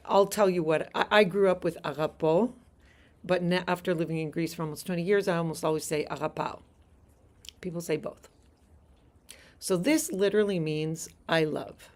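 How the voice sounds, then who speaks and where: A woman's voice: fairly low pitch, a little mellow. A woman teaching a Greek lesson on a live stream from a house deck outdoors. She explains things patiently and laughs easily.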